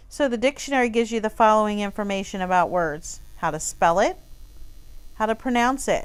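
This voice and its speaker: A woman teacher talking students through a textbook page in a relaxed, conversational way, with fillers. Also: mid-range voice, clean tone. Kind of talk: recorded online lesson walking through a textbook page.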